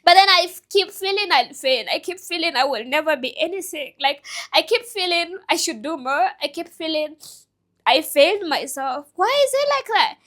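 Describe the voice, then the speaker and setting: Bright-voiced young woman, candid and emotional. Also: extremely high pitch, lively intonation, normal speed. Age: 20s. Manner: emotional, rambling, self-reflective. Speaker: vlogger and business owner. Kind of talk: candid personal vlog.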